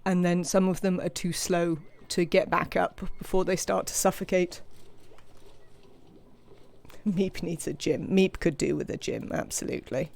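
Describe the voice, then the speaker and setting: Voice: mid-range voice, creaky, a little mellow. English-accented live game streamer, conversational, talks to chat and to the characters on screen. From England. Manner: chatty, greets viewers and scolds game characters. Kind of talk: live video game commentary.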